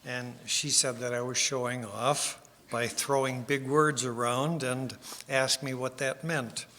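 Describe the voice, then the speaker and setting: A man giving a sermon with slides, unhurried and self-deprecating, with small restarts. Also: mid-range voice, steady tone, bright, forceful tone, slight background noise. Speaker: speaker giving a split sermon. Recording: long hall reverb.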